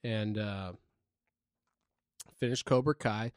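A man's voice: fairly low pitch, steady tone, slow, clear, resonant tone, no room sound, clean studio sound. A man co-hosting a podcast, telling a loose, rambling story in casual chat full of fillers. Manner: laid-back, rambling storytelling with frequent fillers. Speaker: podcast co-host.

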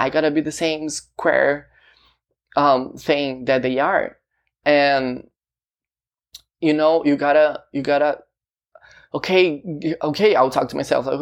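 A man, a singer, talking personally to the camera about his debut album. He speaks haltingly, searching for words and often asking "you know?". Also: fairly high pitch.

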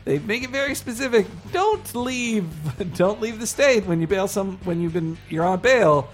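Man podcast co-host, slightly high voice, rambling storyteller, swears freely, faint music under. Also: lively intonation, normal speed. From Florida. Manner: rambling anecdote with laughs and profanity. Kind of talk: casual chat, storytelling.

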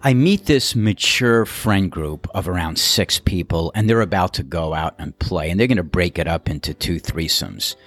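A man's voice: sits low, moderate pace, hardly any pauses. A man working as a golf course starter, telling a story in a casual monologue and acting out the voices of the people in it. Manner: animated storyteller who acts out others' voices.

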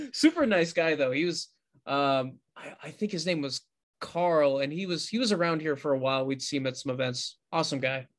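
This man co-hosts a podcast, speaking slightly higher than most men at a normal speed with lively intonation. He tells stories in a loose, rambling way, often correcting himself, and the chat stays easygoing and conversational.

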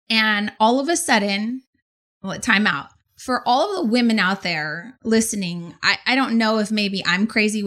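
A woman in her forties telling a story in a casual, animated way, swearing often. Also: medium pitch. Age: 40s. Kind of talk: casual anecdote on a talk show.

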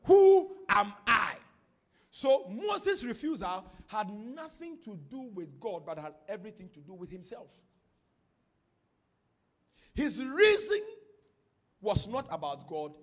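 A man's voice: high voice, wildly swooping pitch, normal speed. A Ghanaian man preaching a sermon as pastor, teaching from scripture and building up to fervent declarations. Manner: builds from quiet teaching to shouted prophetic declarations.

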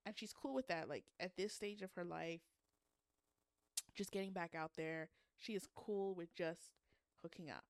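A woman co-hosting a casual book podcast, talking in an animated way with slangy asides to her listeners. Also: lowish voice, moderate pace, no echo, clean studio sound.

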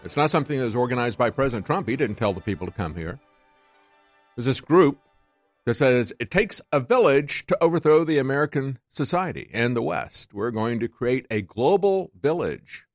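Indignant talk radio host, animated pitch. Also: male voice, normal speed, no echo, studio quality, soft background music. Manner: combative, sarcastic, rising to indignant peaks.

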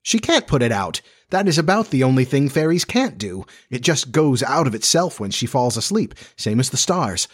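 A man putting on a boyish, raised voice for a sure-of-himself lad who explains things plainly, a little husky, in a storybook reading. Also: mid-range voice, very animated, moderate pace, few pauses, pitched above the performer's own voice. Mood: explaining. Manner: matter-of-fact explaining. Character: Peter Pan, confident boy who leads.

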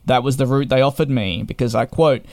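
A man's voice: mid-range voice, a little fast, darkish tone, no room sound, studio quality. A young man tells a frustrated storytime rant to camera. He sounds exasperated and sarcastic. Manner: exasperated and sarcastic, with repeated restarts. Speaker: travel vlogger.

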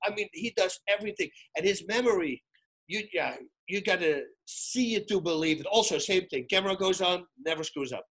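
High, husky-voiced man telling stories. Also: brisk. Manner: excitable, acts out quoted dialogue, frequent restarts. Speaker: guest, retired fighter and commentator. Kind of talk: animated storytelling in casual chat.

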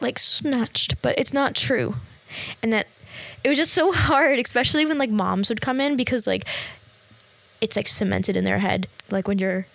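A woman's voice: medium pitch, vocal fry, no echo. Young woman from new york rambling about the gym, lots of "like", dead dry close mic sound. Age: young adult. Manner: chatty, filler-heavy, lots of "like". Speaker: podcast host and fitness trainer. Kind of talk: casual solo podcast chat. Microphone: close podcast mic.

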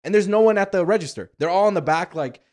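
Animated young man telling stories. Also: sits high, quick pace. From Las Vegas. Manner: animated storyteller, swears freely. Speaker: podcast host. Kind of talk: casual chat.

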